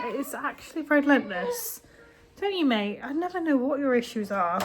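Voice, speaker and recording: Tired, chatty mum vlogging. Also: female voice, on the high side, expressive, normal speed, noisy background. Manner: rambling, chatty, with many ums. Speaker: homemaker vlogger, mother. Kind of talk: casual vlog chat. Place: at home.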